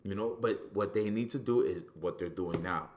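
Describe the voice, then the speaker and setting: A man with a somewhat low voice chats casually as a podcast co-host. He gets animated and profane, restarting phrases as his excitement builds. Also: moderate pace, slight background noise. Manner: animated, profane, repeats words when excited. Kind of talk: casual wrestling talk.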